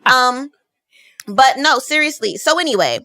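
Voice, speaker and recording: A woman's voice: medium pitch, a little fast, pushed and bright, dry recording. A woman from New Jersey, a podcast guest in a studio, chatting casually and often laughing as she talks.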